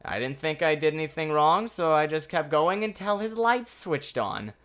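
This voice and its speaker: A man telling a casual storytime vlog in an animated, anxious way, swearing freely. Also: fairly high pitch, moderate pace. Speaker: vlogger.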